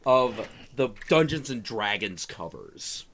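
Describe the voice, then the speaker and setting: A man hosting a live stream, telling animated casual stories with frequent swearing and stammered restarts. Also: mid-range voice, slow. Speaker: show host.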